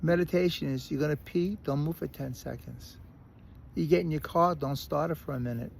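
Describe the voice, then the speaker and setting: Gravelly Brooklyn man telling a story. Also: a little high, fairly quick, slight background noise. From Brooklyn, New York. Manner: animated, restarts and repeats words. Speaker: recovery speaker. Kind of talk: casual storytelling monologue.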